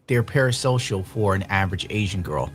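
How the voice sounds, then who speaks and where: Sardonic low-voiced male commentator. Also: lively intonation, fairly quick, faint music behind. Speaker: video commentator. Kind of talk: scripted video commentary.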